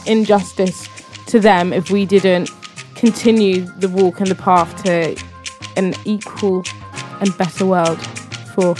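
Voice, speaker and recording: A woman's voice: medium pitch, steady tone, a little slow, darkish tone, soft background music. A woman co-hosting a podcast, chatting casually in a playful, joking tone full of slang. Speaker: podcast co-host. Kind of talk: casual chat.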